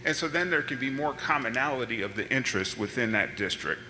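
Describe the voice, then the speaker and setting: A man's voice: medium pitch, expressive, fast talker, sharp tone, slight background noise. A man giving earnest, conversational public testimony with frequent fillers. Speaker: public commenter. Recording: reverberant hearing room.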